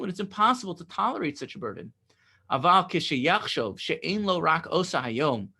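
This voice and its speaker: A man's voice: sits high, creaky, bright, forceful tone. A man teaching a Torah lesson, reading Hebrew phrases and explaining them in casual English, often checking in with "right?".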